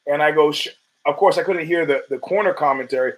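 A man's voice: on the high side, quick pace, poor audio. A man hosting his own podcast, talking in a casual, profane and rambling monologue with emphatic bursts. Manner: profane, rambling storytelling with frequent restarts. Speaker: podcast host.

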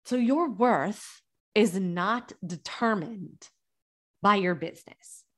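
A woman's voice: medium pitch, lively intonation, slow, a bit bright. A woman in her thirties, a business coach, talking earnestly and encouragingly in a motivational monologue. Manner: earnest and encouraging, with emphatic restarts.

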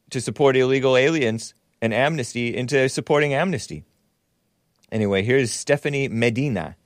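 A male talk show host reads and mocks posts in a sarcastic, chuckling way. His pitch jumps around a lot, and the sound is dry and close. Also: no room sound. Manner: sarcastic, mocking, laughs often. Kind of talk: casual commentary.

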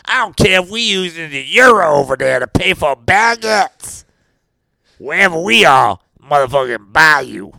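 A man's voice: fairly high pitch, sing-song, measured pace, dry recording, exaggerated voice. A man impersonating a brash, boastful football coach. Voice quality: gravelly, raspy. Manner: brash, boastful, rambling with bursts of shouting. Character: gravelly Cajun football coach, brash and rowdy. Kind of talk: comedic impression in a mock interview.

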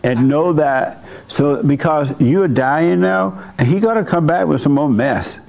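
An older church leader hosts a meeting, speaking unhurriedly in a creaky, darkish voice on the high side. Counseling a congregation member, he's blunt and folksy in his spiritual advice and lets out a chuckle now and then.

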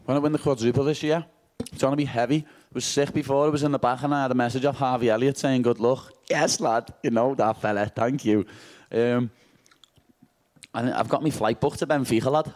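A man's voice: mid-range voice, steady tone, a little fast, a little mellow. A man with a Liverpool accent answering press conference questions after a fight, brash and cheeky and swearing freely.

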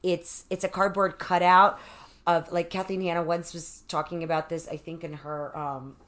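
A woman guest on an interview, telling stories in a casual, animated way, with many fillers and restarts. She acts out quotes as she talks. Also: on the low side, normal speed. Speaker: guest author. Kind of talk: casual conversational storytelling.

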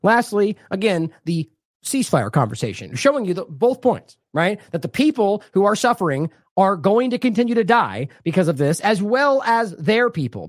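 A man's voice: high-pitched, no echo, studio quality. A man hosting an independent news show, delivering indignant, sarcastic commentary with heavy emphasis.

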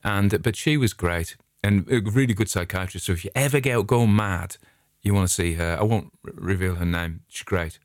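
Deep-voiced English man rambling chattily. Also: normal speed, no room sound, clean studio sound. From England. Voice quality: chatty anecdotal storyteller, digressive. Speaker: vlogger. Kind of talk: casual rambling monologue.

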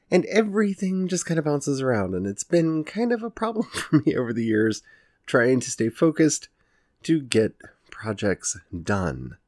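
With a lowish, slightly mellow voice and an Ozark Southern accent, this forty-something podcast host from the Ozarks chats through a casual solo show. The recording is dry and studio quality; he pokes fun at himself, laughs a lot, and often starts sentences over.

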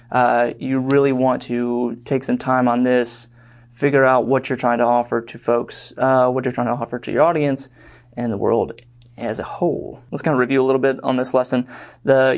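A young man teaching an online course in a loose, conversational way, full of fillers and restarts. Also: medium pitch. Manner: rambling, filler-heavy, conversational. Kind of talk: casual lecture.

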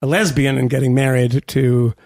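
A man co-hosting a podcast in casual chat, an animated storyteller who acts out voices. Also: medium pitch, moderate pace, vocal fry. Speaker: podcast co-host.

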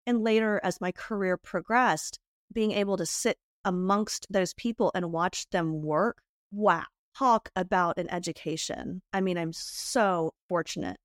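A middle-aged woman from the United States, a guest in an interview who candidly tells lively, animated stories and laughs often. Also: lowish voice, a little slow, no echo, clean studio sound. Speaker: guest, beauty entrepreneur. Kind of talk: candid storytelling in a podcast interview.

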